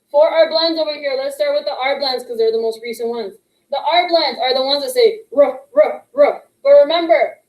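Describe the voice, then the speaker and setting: A woman teaching young students a phonics lesson, patient and encouraging, slowly sounding out letter blends. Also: high voice, echoey room, rough recording. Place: classroom with a whiteboard. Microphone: microphone picked up partway.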